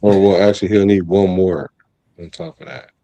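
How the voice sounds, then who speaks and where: A man's voice: sits low, flat delivery, moderate pace, mellow, no echo, highs cut off. A man co-hosting a podcast, talking in a matter-of-fact way and correcting others. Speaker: podcast co-host. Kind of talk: casual podcast chat.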